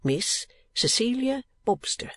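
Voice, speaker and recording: A man voicing an excitable, flustered middle-aged male clerk in a storybook reading, breathless and stammering. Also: extremely high pitch, slow, slightly rough, no echo, pitched above the performer's own voice, heavily acted. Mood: excited, fluttering.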